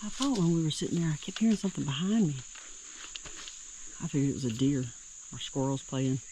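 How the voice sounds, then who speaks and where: Out in the woods beside a creek, a hiker speaks to a handheld camera at a brisk pace and a middling pitch, with faint insects humming behind. It's relaxed trail vlog narration, chatty and rambling as he thinks aloud about whatever turns up along the way.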